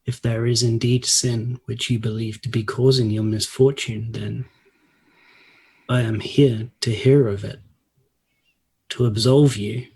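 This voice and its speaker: A man voicing an earnest priest with a husky voice, speaking solemnly and formally. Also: mid-range voice, fairly even intonation, measured pace, pauses often, darkish tone. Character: earnest male priest offering absolution.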